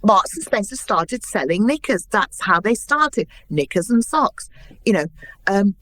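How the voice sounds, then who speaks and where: Woman in her 60s telling stories in an interview, lively, medium pitch, dry close sound. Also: measured pace, no room sound. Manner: lively anecdotal storyteller, acts out quotes. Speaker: guest. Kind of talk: interview storytelling.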